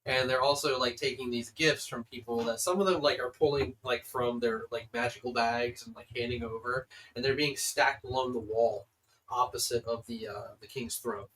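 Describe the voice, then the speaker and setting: A man's voice: mid-range voice, steady tone, normal speed, a bit bright, distant mic, poor audio. Rambling male game master, off mic. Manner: rambling, filler-heavy narration. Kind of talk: narrating a tabletop game.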